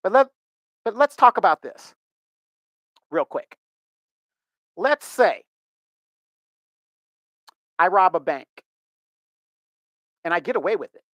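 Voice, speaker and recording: A man's voice: high-pitched, very animated, slow pace, long pauses, a bit bright, dry recording. A middle-aged man giving emphatic, indignant commentary as a vlogger, often repeating himself. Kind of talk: ranting commentary.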